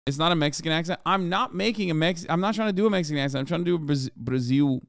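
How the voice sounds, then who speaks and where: A man's voice: fairly high pitch, rapid-fire, hardly any pauses, fairly bright tone, no echo, studio quality. A man in his thirties doing casual live-stream commentary on news clips, sarcastic and profane, with mocking asides.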